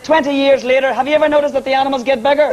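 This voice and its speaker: A woman's voice: sits high, fairly even intonation, very fast, lo-fi sound, over a noisy crowd, heavy background noise. A woman with a Northern Irish accent and a powerful speaking voice, chatting and joking as a guest on a TV interview. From Northern Ireland. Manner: brassy, joking, laughs often. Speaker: singer and entertainer guest.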